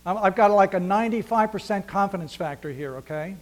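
This pastor's sermon comes in a high, fairly quick voice over a slight hiss or hum. He shifts between forceful loudness and whispered hush, voicing characters' lines and asking rhetorical questions.

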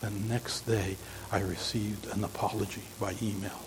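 Older male preacher, mid-pitched, halting storyteller, long hall reverb with faint hiss. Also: little pitch movement. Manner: halting, rambling, frequent restarts. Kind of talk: informal sermon storytelling.

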